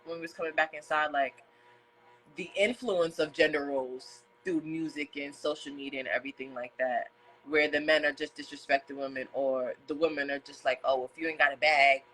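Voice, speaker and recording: A woman's voice: deep voice, steady tone, brisk, fairly bright tone, rough recording. A woman hosting a podcast in casual conversation, talking earnestly and repeating phrases for emphasis. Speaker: podcast host. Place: indoor room with a fan.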